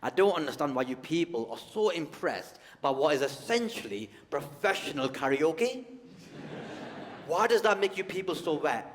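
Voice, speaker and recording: Male stand-up, animated and teasing, big hall reverb. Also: fairly high pitch, moderate pace, a little hiss or hum. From United Kingdom. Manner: conversational, teasing, addresses the audience. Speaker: stand-up comedian. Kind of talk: stand-up comedy set. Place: large theatre stage.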